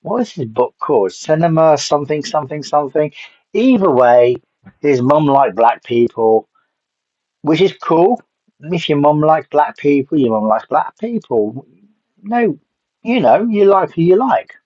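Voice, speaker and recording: A man's voice: fairly high pitch, animated, unhurried, darkish tone, no room sound. A man reviewing a film in a casual, rambling way, blunt and swearing offhandedly. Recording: dull lo-fi dry sound.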